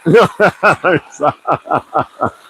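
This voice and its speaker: Man, fairly high voice, easygoing vlogger who rambles and jokes to camera. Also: lively intonation, very slow, a bit bright, a little hiss or hum, low-quality recording. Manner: loose, rambling, joking asides. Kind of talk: casual rambling chat to viewers.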